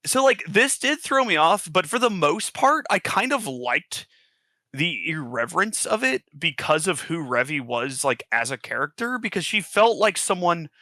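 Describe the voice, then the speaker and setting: Bright-voiced analytical podcast co-host. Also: male voice, a little high, big pitch swings, moderate pace, dry recording. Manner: thoughtful, analytical, filler-heavy. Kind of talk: casual group review chat.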